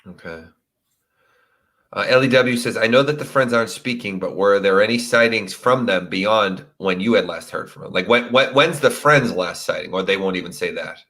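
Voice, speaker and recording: Bright-toned casual true crime host. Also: male voice, fairly low pitch, moderate pace. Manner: casual, filler-heavy, sympathetic. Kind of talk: live stream interview.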